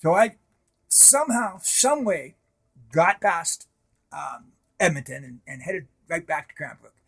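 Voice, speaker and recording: A middle-aged man tells his own story in a husky, gravelly voice. He halts and repeats himself, sinking to a hush and then rising loud. His voice sits a little high for a man. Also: lively intonation. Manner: halting, repeats words, swings between hushed and loud. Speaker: recovery storyteller. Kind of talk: personal storytelling.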